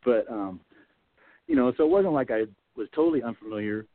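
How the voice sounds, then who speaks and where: A man's voice: medium pitch, expressive, a little fast. Middle-aged man telling a story over a phone line. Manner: rambling, loose, with frequent "you know" and "like". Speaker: Bigfoot researcher guest. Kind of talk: casual storytelling in an interview.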